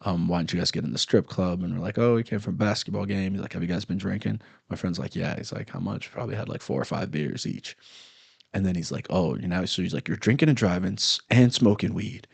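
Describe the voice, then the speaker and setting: A man's voice: deep voice, fast talker, gravelly, breathy edge, no room sound. A man, a comedian, telling a story in casual chat and acting out the angry people in it. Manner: animated storyteller, acts out angry cops loudly. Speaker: comedian guest.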